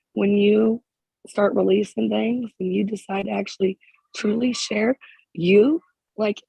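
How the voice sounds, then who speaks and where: A spiritual healer speaking in emotional counseling to a group member, halting and repeating phrases, close to tears. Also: medium pitch, creaky, mellow, breathy edge, no echo, poor audio.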